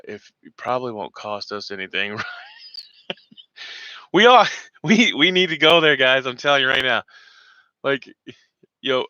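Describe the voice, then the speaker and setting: A man's voice: mid-range voice, sharp tone, smooth, no echo, lo-fi sound. A man hosting a veterans' show, ranting in heated, rambling, profane commentary.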